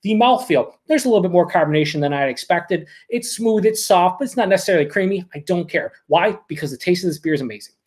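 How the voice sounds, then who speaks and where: A man hosting a live beer review, ranting excitedly with plenty of swearing and reading viewer comments aloud. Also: high voice, fast talker, hardly any pauses. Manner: excited, profane and rambling. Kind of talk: casual live-stream rant.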